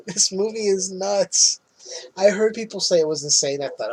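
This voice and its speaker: A man with a slightly high, husky voice talks through a movie plot as a podcast co-host. His delivery is loose and casual, with swearing and frequent laughter. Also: expressive, a little slow, rough recording.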